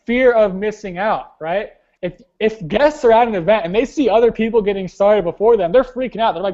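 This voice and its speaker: A man's voice: sits high, a little fast, few pauses, darkish tone, dull audio. A young man leading a weekly team call, giving blunt, slangy motivational coaching and talking straight to his team. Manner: blunt, casual, slangy, keeps saying "guys". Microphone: webinar call.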